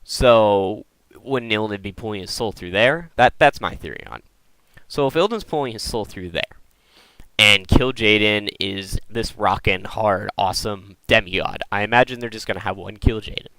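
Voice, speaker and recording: An excitable man hosting a gaming video who rambles and often stumbles over repeated words. His voice sits on the low side but sounds bright and crisp. The recording is dry and close. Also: normal speed, no room sound, low-quality recording. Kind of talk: casual lore theorizing talk.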